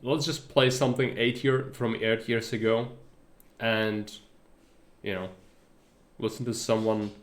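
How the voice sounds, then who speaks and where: A man's voice: fairly low pitch, flat delivery, measured pace, echoey room. A man from the Republic, chatting casually on a live stream and searching for words. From Czech Republic. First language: Czech. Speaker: game streamer.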